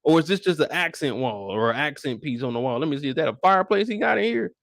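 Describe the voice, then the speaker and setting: A young man giving a casual live recap of a TV episode, talking in animated, slangy, profane banter. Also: a little high, fast talker, vocal fry, no room sound, studio quality. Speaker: show recap host.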